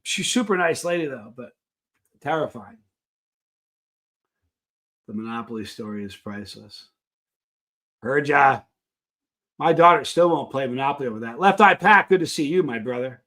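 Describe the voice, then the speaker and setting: A man's voice: medium pitch, animated, normal speed, pauses often, sharp tone. A middle-aged man hosting a live stream, telling long personal stories in a casual, rambling way with frequent restarts. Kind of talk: casual storytelling to a live chat.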